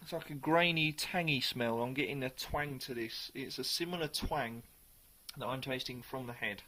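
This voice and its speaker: In a casual, chatty beer review, a man with a mid-range voice and a sharp tone occasionally pauses to hunt for the right words.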